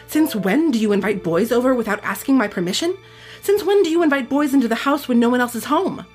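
A woman's voice: a little high, animated, fast talker, darkish tone, faint music behind, voice pushed up, lightly acted. Field: role. Figure: a woman reading as a seething, acid stepmother. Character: furious strict stepmother, adult woman.

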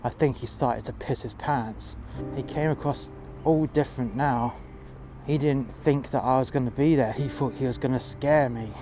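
A man's voice: medium pitch, normal speed, darkish tone. A man from West London with a London accent, narrating his own revenge story outdoors in a profane, menacing way, over music. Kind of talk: first-person storytelling monologue. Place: outdoors in freezing cold.

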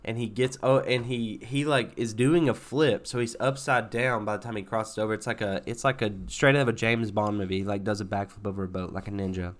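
A man's voice: fairly low pitch, steady tone, fairly quick, few pauses. A man co-hosting a podcast, telling a ridiculous story with mock-earnest sincerity in loose, rambling casual chat. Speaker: podcast co-host. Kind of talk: casual chat, absurd tall tales.

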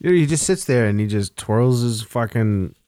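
A man's voice: mid-range voice, expressive, moderate pace, warm tone, no room sound, studio quality. A young man co-hosting a casual chat show, swearing freely and laughing through his stories. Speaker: podcast co-host.

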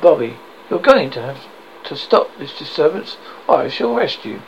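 A man's voice: on the high side, normal speed, vocal fry. A man reading the part of an impatient street policeman, in his own plain reading voice, on a dull lo-fi recording. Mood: stern. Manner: read flatly from a script. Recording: dull lo-fi, faint background noise.

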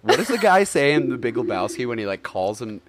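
A man's voice: mid-range voice, sing-song, fairly quick, background noise. Rambling, laughing male podcast host. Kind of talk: casual podcast chat.

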